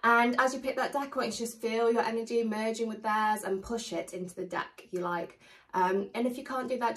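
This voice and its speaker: A woman tarot reader chatting casually to her viewers, a little hoarse as she starts losing her voice. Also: on the high side, a little fast, far from the mic, rough recording. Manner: chatty, animated, warmly addresses viewers. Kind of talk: casual tarot reading to camera.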